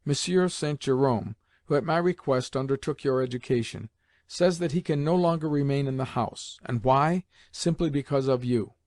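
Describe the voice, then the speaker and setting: A man's voice: mid-range voice, normal speed, a little mellow, no room sound, studio quality, natural voice. A man reading an audiobook, voicing a stern, reproachful elderly grandmother who stresses each word. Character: stern, tearful aristocratic grandmother, elderly woman. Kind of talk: audiobook character voice.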